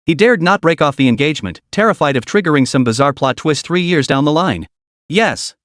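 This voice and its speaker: A man narrating a comic recap in a brisk, scripted storytelling manner. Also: fairly high pitch, animated, a bit bright, no room sound, clean studio sound.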